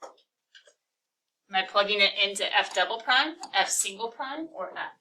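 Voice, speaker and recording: A woman teaching a calculus class, talking through a problem and firing quick questions at her students. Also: medium pitch, lively intonation, sharp tone, distant mic, poor audio. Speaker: math teacher.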